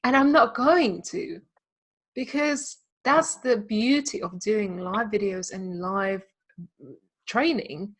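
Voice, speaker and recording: A woman's voice: medium pitch, takes it slowly. Encouraging woman podcast host. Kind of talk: casual interview chat.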